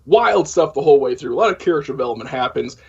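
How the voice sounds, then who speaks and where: A man's voice: medium pitch, animated, very fast, gravelly, slightly rough. A man co-hosting a podcast, giving a casual, profane, rambling recap of a film's plot. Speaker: podcast co-host. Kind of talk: casual film discussion. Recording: dull lo-fi audio.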